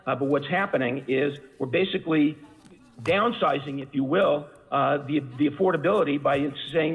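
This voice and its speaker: A man's voice: a little high, fairly quick, gravelly. Male caller, argumentative legalistic comment, phone-line quality with hall echo. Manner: argumentative, legalistic, many fillers. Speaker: public commenter at council meeting. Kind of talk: formal public comment. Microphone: phone call-in.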